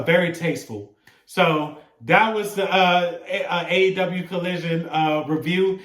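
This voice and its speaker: A man's voice: on the high side, fairly bright tone, far from the mic. A man giving a casual review of a wrestling show, rambling with lots of filler "uh"s and laughing often between phrases. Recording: roomy echo, set back from the mic.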